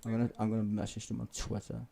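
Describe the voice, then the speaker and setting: A man's voice: fairly low pitch, monotone, very fast, gravelly, mellow. A man live-streaming, ranting sarcastically and swearing as he reacts to a clip.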